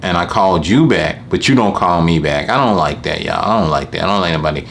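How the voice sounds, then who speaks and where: Man, low voice, casual animated rant, faint background noise. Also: fast, gravelly. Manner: animated, complaining, acts out customers in high voices. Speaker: lawn care business owner.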